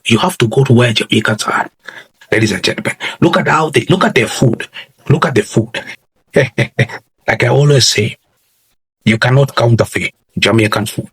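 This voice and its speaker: A man gives his commentary with emphatic, repetitive phrasing and keeps calling out to his viewers. His voice is very husky and breathy, in a mid range for a man. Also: mid-range voice. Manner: repeats "ladies and gentlemen", emphatic and preachy. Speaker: commentary channel host. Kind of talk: reaction commentary to camera.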